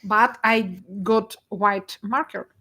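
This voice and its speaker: A woman's voice: medium pitch, steady tone, slow, bright, forceful tone. A young woman giving a presentation talk, laughing often and emotional, with many fillers and restarts. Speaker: guest speaker, data artist.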